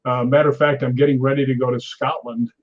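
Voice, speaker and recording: A stuntman in his sixties, a guest in a storytelling interview, talks fast in a flat, medium-pitched voice, and the recording cuts off the highs. He tells his stories animatedly, acts out quotes, and laughs often.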